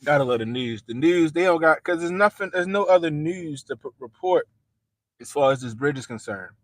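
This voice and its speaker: A man hosts a casual livestream, chatting loosely in slang and speaking straight to his viewers. His voice is a little high, animated, and fairly quick, recorded close and dry with no room sound around it.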